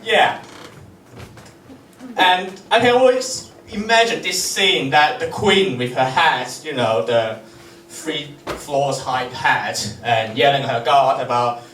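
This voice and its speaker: Slow-talking giggly young man, crude jokes. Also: mid-range voice, fairly bright tone. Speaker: comedy vlogger. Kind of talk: rambling comic monologue. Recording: roomy, far from mic, faint noise.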